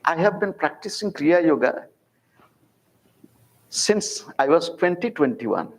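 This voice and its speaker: A man in his sixties with an Indian accent and a notably high-pitched voice delivers a public spiritual talk. He speaks deliberately, repeating phrases and asking rhetorical questions as he teaches. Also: very animated, rough recording. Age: 60s.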